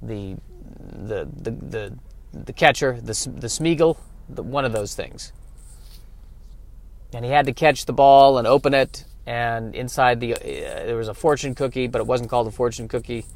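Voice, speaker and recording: A man's voice: mid-range voice, normal speed, gravelly. A man hosting a casual comedic solo podcast, rambling in a self-deprecating way and often restarting his sentences. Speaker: podcast host.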